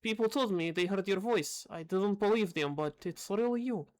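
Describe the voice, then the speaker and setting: A woman voicing an older male king in a game, gruff and fatherly, with a made-up accent. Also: mid-range voice, moderate pace, a little mellow, natural voice. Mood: moved.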